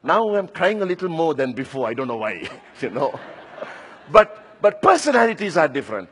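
A man's voice: a little high, sing-song, moderate pace, a bit bright, husky, long reverb tail. A man in his sixties preaching a sermon, earnest and personal, telling his own story between scripture quotes. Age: 60s.

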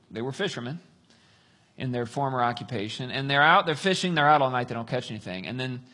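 A man preaching a sermon, telling a story with lively, acted-out dialogue. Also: mid-range voice. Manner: animated storytelling, acts out voices. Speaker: pastor.

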